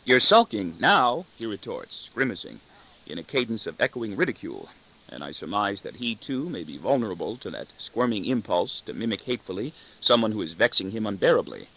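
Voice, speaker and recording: Low, wry male audiobook narrator. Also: very animated, a little fast, creaky, sharp tone, a little hiss or hum, rough recording. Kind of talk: first-person audiobook narration.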